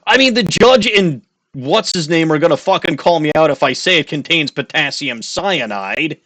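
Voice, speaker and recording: A man's voice: expressive, moderate pace, a bit bright, no echo. Theatrical male streamer voicing a lawyer. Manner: theatrical, lowered courtroom delivery with swearing asides. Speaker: streamer playing a game. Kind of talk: dramatic game dialogue reading. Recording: faint music behind.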